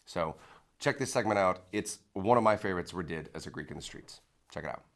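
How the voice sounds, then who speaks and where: A man's voice: sits low, expressive, fairly quick. A man hosts a local talk show, riffing through a casual monologue. His voice swoops up and down as he reacts with mock disbelief and laughs along with a small studio audience.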